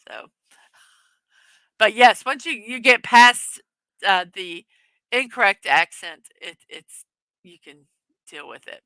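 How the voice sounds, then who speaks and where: A chatty woman hosting a live stream, giggling and filling her pauses with ums and uhs. Her voice is bright and clear. The sound is dry and close. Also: on the high side, expressive, no echo, rough recording. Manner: chatty, giggly, with many fillers. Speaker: livestream host. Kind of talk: casual live chat reading viewer comments.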